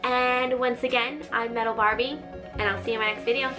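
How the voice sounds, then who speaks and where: A woman hosting her own storytime vlog, chatty and animated, full of filler words. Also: fairly high pitch, a little fast, over music. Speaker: vlogger, channel host. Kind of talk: casual storytime monologue.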